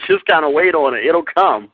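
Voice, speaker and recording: A man's voice: a little high, lively intonation, moderate pace, breathy edge, dry recording. A man hosting an interview show, chatting with a guest in a friendly way, often affirming her and laughing. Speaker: radio show host. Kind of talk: casual interview talk. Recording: dry, dull lo-fi online radio audio.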